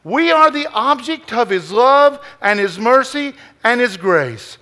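A man's voice: extremely high pitch, sing-song, takes it slowly, pushed and bright. A man preaching a sermon with an emphatic, repetitive cadence, likely in a church or revival meeting.

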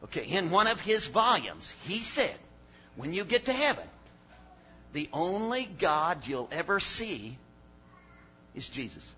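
An older man delivers a sermon in a high, lively voice that climbs and falls. He mutters some phrases low and shouts others for emphasis. The recording sounds dull and lo-fi. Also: a little slow, pauses often. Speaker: preacher.

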